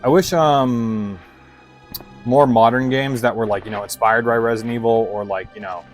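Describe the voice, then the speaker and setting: A man's voice: medium pitch, fairly even intonation, moderate pace, faint music behind, rough recording. A man giving casual, rambling gameplay commentary, swearing often and filling with "like". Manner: rambling, heavy swearing, lots of "like". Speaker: let's play streamer.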